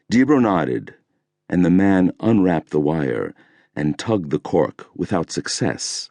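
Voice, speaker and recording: A man narrating a thriller audiobook in a measured, deliberate storytelling manner, recorded on a close studio mic. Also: low-pitched, big pitch swings, creaky, dark tone, dry recording.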